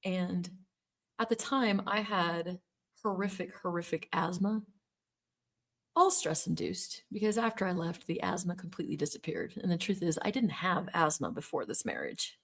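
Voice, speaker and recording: Middle-aged woman, lowish voice, earnest storyteller who stresses points by repeating words. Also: expressive, normal speed, a bit bright. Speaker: former Jehovah's Witness telling her story. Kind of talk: personal storytelling monologue.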